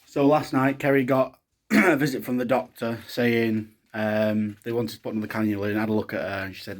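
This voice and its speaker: A young man who has just become a dad records a casual video diary, exhausted, low on energy, and frustrated as he vents about hospital care. His voice is fairly low and level in tone, and he talks a little fast.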